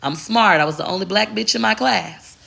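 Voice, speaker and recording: A woman vlogger delivers a preachy, profanity-laced rant straight at her audience. Her voice is strongly gravelly and fried, with a bright, forceful edge. She flips easily between street slang and a careful proper tone. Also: mid-range voice, fairly quick. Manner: emphatic and preachy. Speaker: content creator. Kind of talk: casual vlog rant to viewers.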